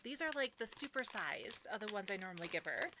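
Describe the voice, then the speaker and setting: A woman's voice: medium pitch, animated, a little fast, noisy background. A woman streaming casually, chatting and giggling while she sorts seeds and talks sweetly to her dog. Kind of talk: casual live-stream chat.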